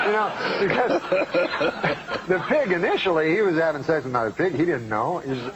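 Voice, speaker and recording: A man appears as a comedian guest in a talk show interview, rambling through a story in a deadpan way. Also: a little high, measured pace, pauses often, highs cut off, crowd noise, noisy background.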